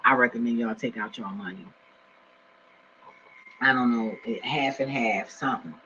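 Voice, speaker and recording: A man's voice: mid-range voice, normal speed, bright, forceful tone, slight background noise. A man in his forties talking to his viewers in a slangy, rambling vlog style, often getting sidetracked at home. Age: 40s. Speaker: vlogger. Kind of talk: casual vlog talk. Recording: dull lo-fi recording.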